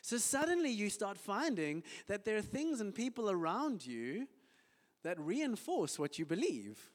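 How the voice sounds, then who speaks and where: A South African man preaching in a church, his voice swooping through a wide, lively range and sitting a little high for a man. He breaks into short acted exchanges to make his point. The sound carries a long reverb from the church hall. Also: a little slow. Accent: South African English. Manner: animated preaching, acts out little dialogues. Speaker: pastor. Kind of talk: sermon.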